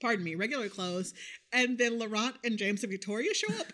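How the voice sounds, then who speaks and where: A woman co-hosting a book podcast in casual chat, animated and swearing freely. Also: a little high, brisk. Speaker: podcast co-host.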